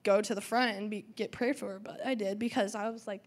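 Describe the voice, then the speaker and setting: A teenage girl delivers a church testimony briskly, her medium-pitched voice keeping a fairly even intonation. She chats along with plenty of "um" and "like," dramatizing the dialogue she quotes.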